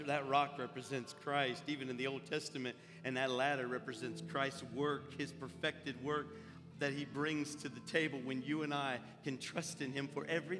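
A man delivers a sermon with homespun, fervent warmth of conviction, speaking at an ordinary middle pitch. His words ring out in a sanctuary with a long trailing reverb. Music plays clearly underneath the whole time. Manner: fervent, folksy preaching. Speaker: pastor. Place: church sanctuary.

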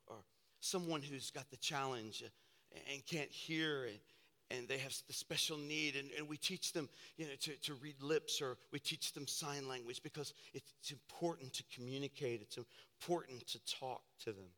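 A man's voice: medium pitch, normal speed, bright, forceful tone, long reverb tail. A man preaching a fervent, repetitive sermon as pastor.

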